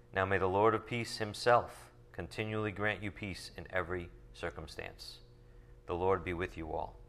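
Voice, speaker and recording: A man teaching from the Bible, reading verses slowly and then explaining them in casual asides full of rhetorical questions. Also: low-pitched, fairly bright tone. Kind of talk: sermon teaching from scripture.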